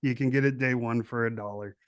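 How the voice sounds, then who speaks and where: A man's voice: mid-range voice, fairly even intonation, a little fast, smooth, highs cut off. A man hosting a podcast interview, upbeat and joking, laughing easily. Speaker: podcast host. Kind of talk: casual interview chat.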